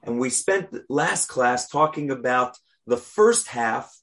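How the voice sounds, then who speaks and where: A man teaching a weekly class on prayer, speaking deliberately and stressing key words as he explains them. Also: medium pitch, lively intonation, creaky, fairly bright tone, faint music behind. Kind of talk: religious class lecture.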